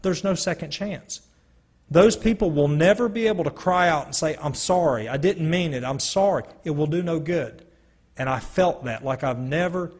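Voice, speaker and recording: A man with a slightly high, husky voice tells his testimony to a gathered audience. He speaks slowly and earnestly, pausing to let each moment sink in. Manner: slow, earnest storytelling with dramatic pauses. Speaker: speaker giving a personal testimony. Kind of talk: spoken testimony to a live audience.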